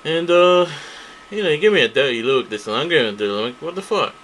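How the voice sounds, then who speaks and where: A man vents in a heated, profane monologue, looping through the same grievances with restarts. His voice sits at an ordinary middle pitch. A faint hiss and air-conditioning hum run underneath. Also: animated, rapid-fire, a bit bright, poor audio. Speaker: vlogger. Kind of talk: angry ranting monologue to camera.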